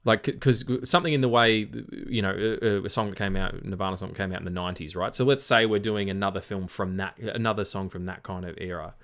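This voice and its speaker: Australian man, lower register, tired, rambling podcast co-host. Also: fast talker, few pauses, a bit bright. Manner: rambling, repeats words, swears casually. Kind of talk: casual film podcast chat.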